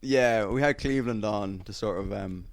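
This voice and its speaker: Low-voiced young host in banter. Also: male voice, moderate pace, gravelly, dry recording. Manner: crude jokey banter, hesitant fillers. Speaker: podcast host. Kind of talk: casual chat.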